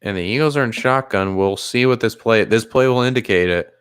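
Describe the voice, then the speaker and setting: A man streaming live play-by-play commentary, narrating the game in a measured, plain way. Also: medium pitch, fairly bright tone, smooth.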